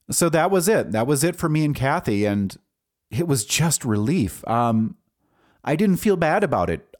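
Male podcast host, forties, low voice, lively pitch, loose rambling storyteller. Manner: rambling, frequent fillers and restarts. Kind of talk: personal storytelling monologue.

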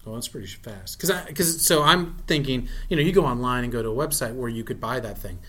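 A man's voice: mid-range voice, quick pace, a bit bright. A man in a casual podcast chat who keeps asking follow-up questions. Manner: inquisitive, asks follow-up questions.

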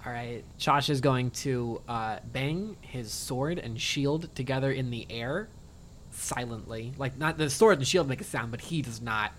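A man's voice: mid-range voice, a little slow, slight background noise. A man playing a tabletop role-playing game, describing his character's moves and making wry, jokey remarks. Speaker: player. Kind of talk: casual tabletop play.

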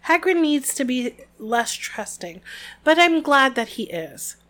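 A woman's voice: sits high, sing-song, a little slow, a bit bright. Playful woman podcast co-host. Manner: acts out lines with playful voices. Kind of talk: reading a book aloud and chatting.

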